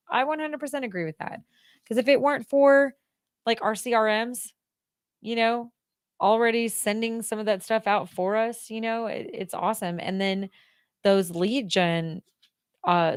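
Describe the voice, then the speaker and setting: A woman's voice: mid-range voice, smooth, no echo, studio quality. A woman from the United States hosting a radio show, casual and jokey, laughing at herself as she chats. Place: radio studio.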